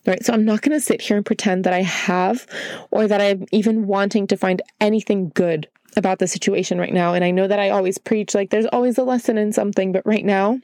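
A woman's voice: medium pitch, steady tone, brisk, dark tone, dry recording. A young woman hosting a candid solo podcast, emotional and earnest, holding back tears. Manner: emotional, earnest, repeats "right?". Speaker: podcast host.

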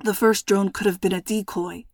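A woman voicing a calm, protective father in a storybook reading, with a raspy, hushed and steady voice. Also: high-pitched, moderate pace, dry recording, clean studio sound. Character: worried protective father, calm under threat.

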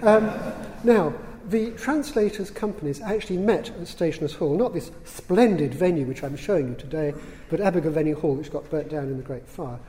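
A man's voice: on the high side, mellow, slight background noise. Dry-witted man lecturing in hall. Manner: dry, witty, unhurried, with fillers. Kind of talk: public lecture. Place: large hall. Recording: reverberant hall sound.

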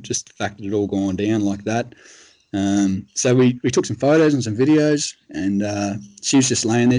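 Australian man, casual rambling storyteller, dry close sound, mid pitch. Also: dark tone, dry recording. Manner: laid-back, rambling, frequent fillers. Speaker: guest telling a hunting story.

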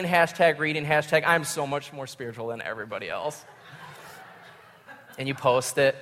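A man's voice: fairly high pitch, a bit bright. Young man preaching in a reverberant hall. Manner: conversational, self-mocking storytelling. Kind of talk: sermon.

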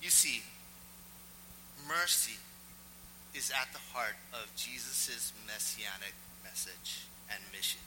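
A male pastor preaching a sermon, telling a personal story in an animated, self-mocking way. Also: mid-range voice, long reverb tail, a little hiss or hum, poor audio.

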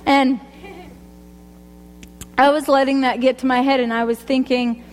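A woman's voice: high-pitched, flat delivery, a little slow, long reverb tail, soft background music. A woman sharing a personal faith testimony, rambling and chatty, often laughing at herself. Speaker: speaker giving a testimony.

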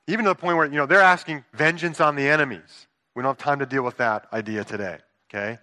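Earnest bright-voiced male pastor preaching. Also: mid-range voice, quick pace. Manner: earnest, conversational preaching with rhetorical asides. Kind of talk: sermon.

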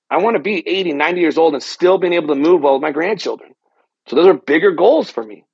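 Gravelly, earnest male podcast host. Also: fairly high pitch, no echo, highs cut off. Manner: earnest, reflective, motivational. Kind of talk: solo health podcast monologue.

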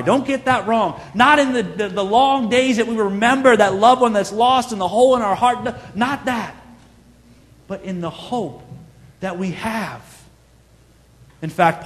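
High-voiced preacher man in a reverberant hall. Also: fairly bright tone. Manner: earnest, conversational preaching with emphatic repetition. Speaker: pastor. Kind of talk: sermon.

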